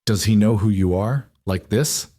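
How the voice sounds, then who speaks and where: A man's voice: on the low side, unhurried, dark tone, no room sound, studio quality. A man voicing an exasperated adult woman who fires pointed, incredulous questions at her husband in an audiobook. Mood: alarmed. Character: sharp-tongued wife, adult woman, exasperated.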